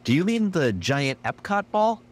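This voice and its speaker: A man's voice: on the high side, big pitch swings, moderate pace. A man co-hosting a math podcast, doing scripted comedy banter with a wry, teasing manner. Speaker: podcast co-host.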